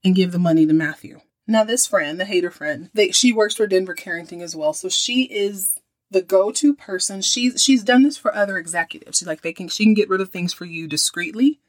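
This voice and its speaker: A woman's voice: lowish voice, normal speed. A woman hosting a podcast, recapping an episode in a chatty, slangy, amused way. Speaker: podcast host.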